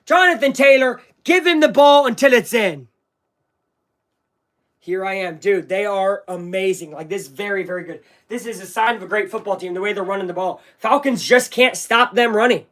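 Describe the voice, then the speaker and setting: High, bright-voiced hyped fan commentator. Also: male voice, normal speed. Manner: hyped, talks straight to viewers. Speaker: fan streamer doing live play-by-play. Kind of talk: excited live fan commentary.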